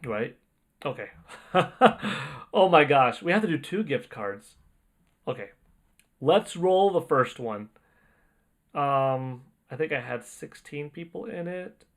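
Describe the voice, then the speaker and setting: A man hosting a casual livestream, reading out donations in an excitable, rambling way and often exclaiming. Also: fairly high pitch, slow, pauses often. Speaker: livestream host.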